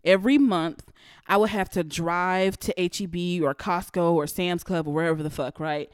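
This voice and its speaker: A young adult woman hosting her own podcast, telling stories of work in a blunt, profane, animated way. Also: on the low side, normal speed, smooth, dry recording, studio quality. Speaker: podcast host. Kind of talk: casual storytelling rant.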